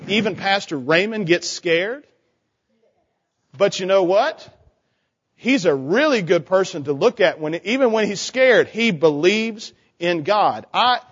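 This man's voice is high, a bit bright, and husky as he leads a children's sermon, prompting the kids with questions. He's in a church sanctuary, and the lo-fi recording sounds dull and echoes like a church hall.

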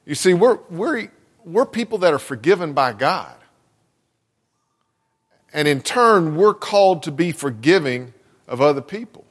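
Earnest pastor preaching, slightly high voice. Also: male voice, expressive, measured pace, pauses often, big-room sound. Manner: earnest, asks the congregation rhetorical questions. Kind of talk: sermon with scripture reading. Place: church sanctuary.

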